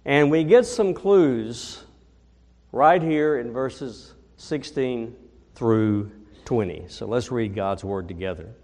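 A male pastor delivers a sermon at an unhurried, measured pace, his voice set at a middle pitch. He tells stories and reads scripture, now and then swelling into loud, emphatic lines. The sound carries the long, lingering reverb of a large church hall. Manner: slow, deliberate, builds to booming emphasis in stories. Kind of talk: sermon with storytelling.

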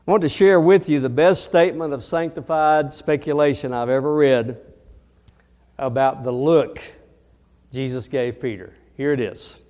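A man preaching a sermon as pastor, earnest, leaning slowly on key phrases. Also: medium pitch, a little mellow, big-room sound.

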